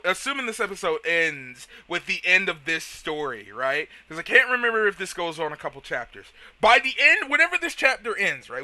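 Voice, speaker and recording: Man, gaming host, casual let's play talk, excitable and rambling, high bright lively voice. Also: dry recording. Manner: excitable, rambling, self-mocking.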